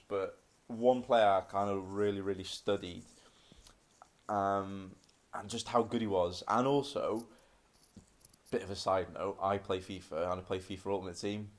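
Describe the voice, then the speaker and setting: A man's voice: fairly low pitch, fairly even intonation, normal speed. Bantering young man. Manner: laughing, bantering, slangy. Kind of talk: casual chat.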